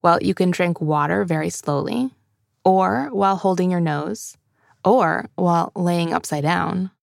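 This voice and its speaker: A woman hosting a scripted children's cooking podcast, explaining steps in a clear, friendly, steady way. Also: lowish voice, measured pace, dry recording, studio quality. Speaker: host and magazine editor.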